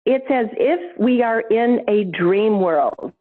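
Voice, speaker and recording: Female guest, somewhat high voice, animated storyteller who laughs easily, heard over a tinny phone line. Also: takes it slowly. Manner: animated, laughs often, expressive pitch swings. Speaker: podcast guest, intuition teacher. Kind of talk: conversational storytelling.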